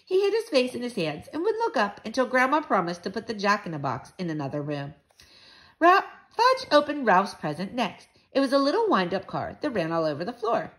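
A woman reading a children's book aloud in an expressive, sing-song way. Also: medium pitch, fairly quick.

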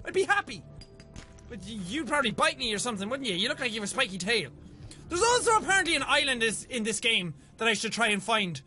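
A man giving casual, excitable commentary while playing a video game, swearing freely and yelping when startled. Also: very high voice. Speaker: let's play gamer.

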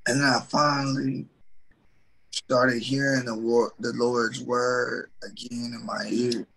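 A man sharing a personal faith testimony in an animated, folksy, self-mocking way. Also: mid-range voice, slow, gravelly, low-quality recording.

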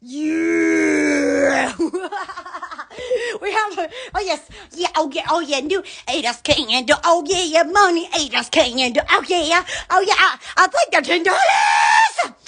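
A woman's voice: very high-pitched, wildly swooping pitch, measured pace, sharp tone, raised voice. A woman hosting a live stream from her shop, rambling giddily, squealing and laughing between words. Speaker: live-stream host selling shop goods.

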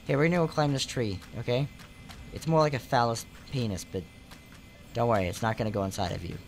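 A man's voice: medium pitch, quick pace, slight background noise. A young man hosting a casual let's play, joking crudely and rambling as he plays, dropping to mutters and jumping to squeals. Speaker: gaming channel host.

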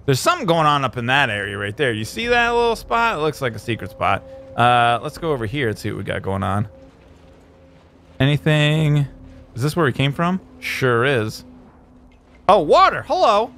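A man's voice: medium pitch, gravelly. Playful man trash-talking through gameplay. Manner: playful trash talk to enemies, bursts of shouting in fights. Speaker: gameplay commentator. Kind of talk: let's play commentary.

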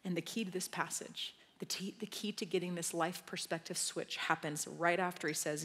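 A woman giving a sermon as a guest speaker, talking conversationally and swelling into loud emphatic passages. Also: fairly low pitch, steady tone, moderate pace, few pauses. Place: large church auditorium. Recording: long hall reverb.

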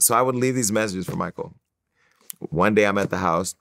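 A man from California, a guest in an interview, telling personal stories in an animated way and acting out the voices of others. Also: on the low side, brisk, gravelly, dry recording, studio quality. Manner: animated storyteller who acts out quoted voices.

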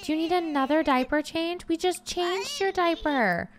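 A woman's voice: very high-pitched, normal speed. A woman hosting a life-sim let's-play, chatting casually and bursting into frantic pleading at her characters. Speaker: gaming channel host.

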